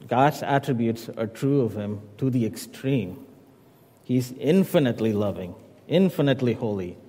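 A man preaching from the pulpit with a mellow, dark voice that carries a long reverb through the church. He teaches in a measured way and drops in casual asides to the congregation. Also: medium pitch. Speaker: pastor. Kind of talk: sermon. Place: church sanctuary.

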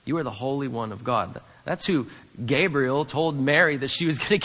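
Male pastor, earnest sermon delivery with emphatic repetition; bright, tense tone in a hall with long reverb. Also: mid-range voice, lively intonation, moderate pace. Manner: earnest, emphatic, repeats key lines. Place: church sanctuary.

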